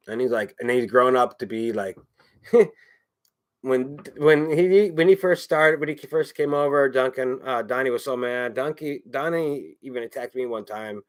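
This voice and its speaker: A man chatting casually on his own, rambling, swearing often and repeating himself. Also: mid-range voice. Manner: rambling, profane, repeats phrases. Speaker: streamer.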